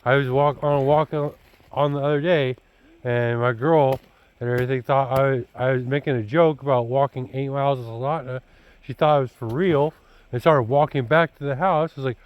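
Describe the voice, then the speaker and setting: This father speaks in a steady, clean, mid-range voice at normal speed, in a dry recording with the highs cut off. Offering his son dating advice in a rambling vlog talk, he comes across as blunt and preachy, leaning on fillers like "you know" and "dude."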